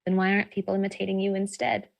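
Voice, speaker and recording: A woman playing a tabletop game in character, deliberate and sassy. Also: mid-range voice, completely flat delivery, gravelly. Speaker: player.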